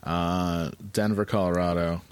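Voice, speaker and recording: A man's voice: low voice, little pitch movement, unhurried, clear, resonant tone, no room sound. A man co-hosting a podcast in casual chat, laid-back and eager about music. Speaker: podcast co-host.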